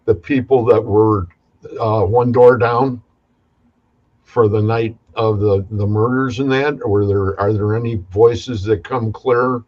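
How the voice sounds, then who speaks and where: A man hosting an interview, asking questions haltingly and restarting them. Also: lowish voice, steady tone, a little mellow. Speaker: host. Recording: dull lo-fi sound.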